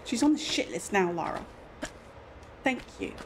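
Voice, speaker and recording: A woman, chatting casually and excitably while streaming a game. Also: fairly low pitch, moderate pace, creaky. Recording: noisy background.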